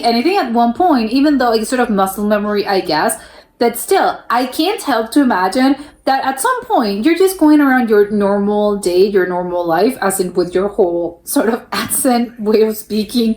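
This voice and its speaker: A woman's voice: on the high side, darkish tone. Chatty American woman in an echoey room. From United States. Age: young adult. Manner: chatty, many restarts, frequent laughter. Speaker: reaction video host. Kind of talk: casual reaction commentary. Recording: roomy echo.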